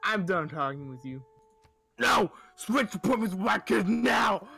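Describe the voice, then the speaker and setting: A man's voice: high voice, measured pace, pushed and bright, voice pushed up. A man voicing a pushy, demanding entitled mother in a whiny, raised voice.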